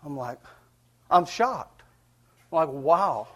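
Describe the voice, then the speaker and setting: Folksy high-voiced preacher man. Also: animated, moderate pace. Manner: folksy, earnest storytelling with chuckles. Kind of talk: storytelling sermon.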